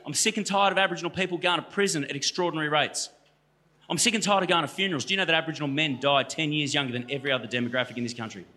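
Very fast, pushed and bright, with fairly high pitch: that's this Australian man in his thirties. He's a guest speaker in a church hall, joking and chatting directly with the crowd as he tells stories.

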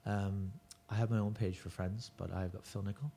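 Low husky-voiced man chatting about touring. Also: fairly even intonation, moderate pace, warm tone. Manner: rambling, restarts and self-corrections. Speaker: touring stand-up comedian, guest. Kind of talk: casual podcast chat.

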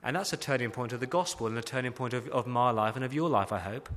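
A man's voice: medium pitch, quick pace, fairly bright tone. A man preaching a sermon as pastor, emphatic, asking repeated rhetorical questions. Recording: long hall reverb.

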